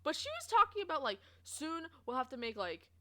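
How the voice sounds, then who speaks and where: A young woman streamer from Canada, casually telling stories to her chat, expressive and swearing freely. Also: high-pitched, a little fast. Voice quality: expressive, swears, laughs often.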